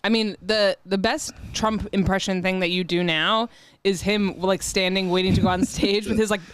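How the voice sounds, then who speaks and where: A woman's voice: medium pitch, steady tone, normal speed, smooth, dry recording. A woman co-hosting a podcast in casual chat, telling stories and laughing often. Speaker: podcast co-host.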